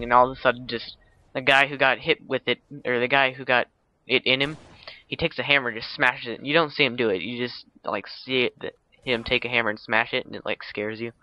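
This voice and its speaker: A man's voice: mid-range voice, bright, forceful tone, low-quality recording. A man casually retelling a film's plot for a video, rambling with lots of fillers and restarts, with teasing asides. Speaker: video blogger.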